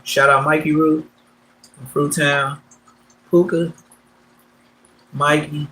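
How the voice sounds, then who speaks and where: A man's voice: a little high, a little hiss or hum, rough recording. Slangy, streetwise Los man. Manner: slangy, streetwise, swings between loud and mumbled. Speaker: livestream host. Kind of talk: casual storytelling on a livestream.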